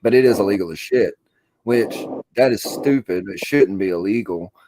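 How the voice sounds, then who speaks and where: A man's voice: fairly low pitch, normal speed, mellow, slight background noise, low-quality recording. A stoned man from Alabama, rambling and swearing through a casual podcast chat. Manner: rambling, profane, laid-back storytelling. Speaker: podcast co-host.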